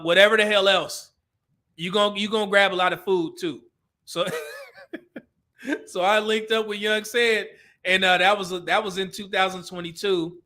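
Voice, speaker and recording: A man's voice: sits high, sharp tone. A man hosting a live stream, chatting casually, reading viewer comments and laughing often. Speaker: livestream host reading chat.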